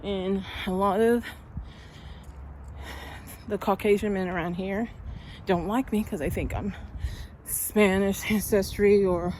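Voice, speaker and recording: A woman's voice: mid-range voice, steady tone, takes it slowly, pauses often, darkish tone, slight background noise. Breathless woman vlogging while walking. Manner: chatty storytelling, heated when upset. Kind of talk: casual walking vlog. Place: outdoors, walking.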